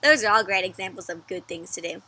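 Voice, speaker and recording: A woman reading a picture book aloud to children in a teacherly way, pausing often to ask them questions. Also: mid-range voice, bright, forceful tone, no room sound. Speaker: children's story reader. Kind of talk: interactive read-aloud for kids.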